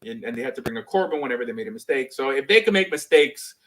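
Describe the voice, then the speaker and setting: A man hosting a podcast, arguing in a casual, quick debate style full of fillers. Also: mid-range voice, expressive, a bit bright, a little hiss or hum, poor audio. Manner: quick, conversational, many fillers. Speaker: podcast host. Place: Miami Beach.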